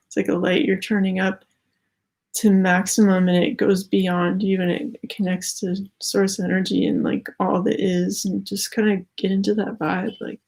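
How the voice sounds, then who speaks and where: A woman's voice: medium pitch, little pitch movement, moderate pace, vocal fry, darkish tone. A young adult woman giving a casual spiritual tarot reading, rambling with many "like" fillers and slightly out of breath. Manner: rambling, heavy use of "like" fillers. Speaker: tarot card reader.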